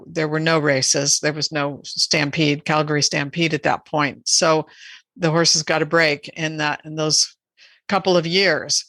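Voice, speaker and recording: Bright-voiced woman explaining earnestly. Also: low voice, no room sound. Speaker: animal rights advocate guest. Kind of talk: podcast interview.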